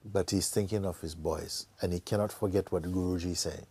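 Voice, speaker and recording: A man acting as a spiritual teacher, telling a parable in an animated way, laughing often and tagging his lines with "no?". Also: sits low, fairly quick, husky. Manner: lively and animated, laughs often, tags lines with "no?" and "you know". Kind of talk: storytelling in a spiritual talk.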